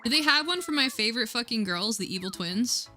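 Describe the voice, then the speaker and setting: A woman's voice: fairly high pitch, expressive, a little fast. A woman in her twenties rambling and giggling through a casual chat stream, swearing freely. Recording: clear music in background.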